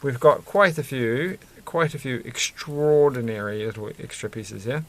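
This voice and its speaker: A man's voice: mid-range voice, unhurried. A man chatting casually and rambling while he builds a toy set, chuckling often and breaking off mid-sentence. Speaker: vlogger building Lego sets.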